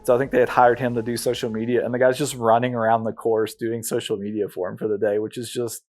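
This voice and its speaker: A man, an ultramarathon runner, telling his race story in a documentary interview, halting and conversational with many fillers. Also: medium pitch, little pitch movement, darkish tone.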